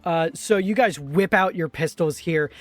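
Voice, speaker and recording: A man narrating as game master of a tabletop role-play game, casual and halting, with lots of fillers and laughs. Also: fairly high pitch, fairly bright tone, no room sound, faint music behind.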